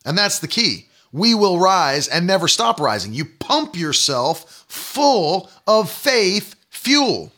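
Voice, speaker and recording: A man's voice: sits high, sing-song, takes it slowly, hardly any pauses, pushed and bright. A man in his thirties preaching a sermon, emphatic and repetitive, mocking the doubters he quotes. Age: 30s. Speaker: pastor.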